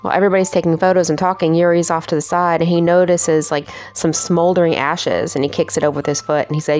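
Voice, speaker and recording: A woman's voice: lowish voice, steady tone, fast talker, hardly any pauses, a little mellow, soft background music. Chatty woman reviewing horror movies. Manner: chatty, self-mocking, laughs at her own jokes. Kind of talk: casual movie review commentary.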